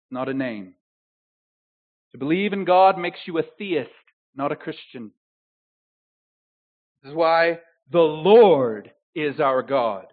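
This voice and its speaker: Male pastor, sermon delivery, high-pitched, emphatic swells and hushed asides, tinny lo-fi recording. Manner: swings between loud emphatic declarations and quiet intimate asides. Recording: tinny phone-like sound.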